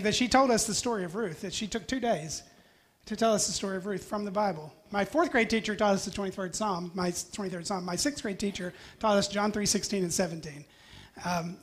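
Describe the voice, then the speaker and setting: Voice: medium pitch, fairly bright tone. A pastor preaching a sermon in a chatty, anecdotal way with touches of humor.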